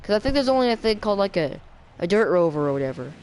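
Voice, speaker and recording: A woman giving rambling, self-mocking commentary while playing a racing game, with sudden excited outbursts. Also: medium pitch, very fast, a little hiss or hum, poor audio. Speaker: gaming video creator. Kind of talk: rambling let's-play commentary.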